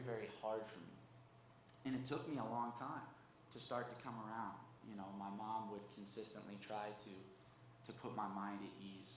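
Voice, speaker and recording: A man's voice: on the low side, a little hiss or hum. Guy preaching a sunday message like he's just talking to you, keeps saying okay? right?, echoey sanctuary. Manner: conversational, tags lines with "okay?" and "right?". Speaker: church speaker. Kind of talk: sermon, personal testimony. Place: church sanctuary. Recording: echoey church room, faint background ambience.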